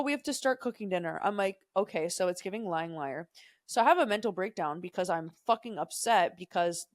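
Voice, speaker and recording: A young woman with a mid-range voice co-hosts a podcast, recorded dry at studio quality. Her casual chat features a meandering, profane story full of digressions.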